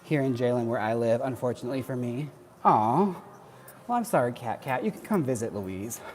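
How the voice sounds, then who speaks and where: Doing cardio on a livestream, a Wisconsin host chats, jokes, and laughs often. His mid-range voice is expressive, brisk, and a little mellow, and there's slight background noise.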